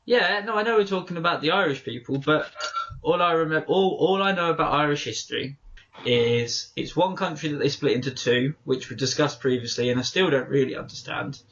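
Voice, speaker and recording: A man's voice: fairly high pitch, brisk, a bit bright, muffled recording. A man co-hosting a podcast, chatting casually and telling rambling stories with lots of self-corrections. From England. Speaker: podcast co-host. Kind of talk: casual chat.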